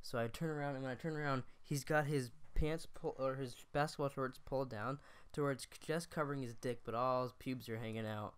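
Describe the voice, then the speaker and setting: A man's voice: mid-range voice, fairly even intonation, fairly quick, clean tone. A young man co-hosting a podcast, telling a rambling story with restarts and laughter. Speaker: podcast co-host. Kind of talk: casual storytelling chat.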